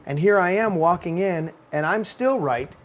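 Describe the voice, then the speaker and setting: A man whose voice sits high hosts a casual ranting talk show at a moderate pace. As a podcast host, he tells stories in a heated, profane rant.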